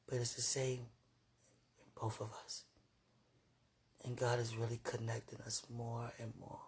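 A woman with a husky, breathy voice speaks tenderly to someone she loves, halting and trailing off into murmurs. Her talk is intimate and prayerful, soft and unguarded. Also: rumbling low. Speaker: partner speaking to a loved one. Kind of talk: intimate emotional monologue with prayer.

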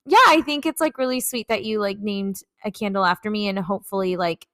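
A woman's voice: mid-range voice, fairly quick, a bit bright, no echo. A young woman co-hosting a podcast, chatting casually and enthusiastically, with lots of filler words. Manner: enthusiastic, gushing, many fillers. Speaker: podcast co-host, content creator. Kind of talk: casual chat.

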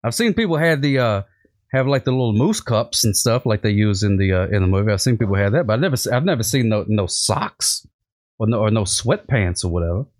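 A man hosts a loose comedic conversation in a somewhat low voice. He rambles and jokes his way through tangents, doubling back on his words as he goes. The delivery is relaxed and conversational. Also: a little fast. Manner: rambling and jokey, with many restarts. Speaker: podcast host. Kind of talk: casual comedic chat.

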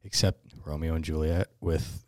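Young male co-host, deep voice, relaxed and profane, dry close mic. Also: moderate pace, dry recording. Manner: laid-back, swears casually. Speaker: podcast co-host. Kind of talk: casual chat.

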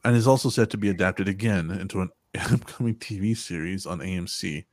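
A man hosting a casual podcast, telling stories in an animated, profane way and acting out quotes. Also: low-pitched, brisk, no echo, clean studio sound. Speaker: podcast host.

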